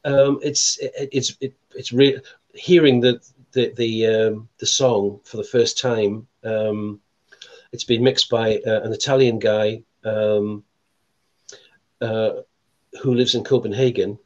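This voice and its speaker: A man's voice: fairly low pitch, fairly even intonation, slow pace, darkish tone, lo-fi sound. A man in his sixties, a guest musician in a casual chat, hesitant and full of fillers and restarts.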